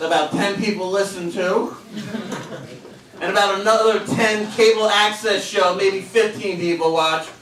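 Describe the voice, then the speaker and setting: A high-pitched man in his forties performs a stand-up set in a comedy club, landing self-mocking punchlines and slipping into voices for the people in his stories. The room rings with echo and the mic sits at a distance. A packed crowd laughs loudly throughout. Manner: punchy self-deprecating delivery with act-out voices. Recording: echoey club taped from afar. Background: audience laughter.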